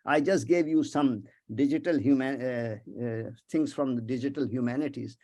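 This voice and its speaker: A man giving a webinar lecture as a visiting professor, emphatic, animated and prone to digressions, over a video call. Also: medium pitch, moderate pace.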